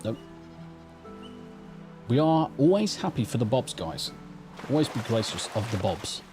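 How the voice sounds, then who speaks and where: A man's voice: medium pitch, very animated, measured pace, music in the background. An English man streaming live gameplay, chatting casually in a rambling, sweary way into a desk mic through a mixer.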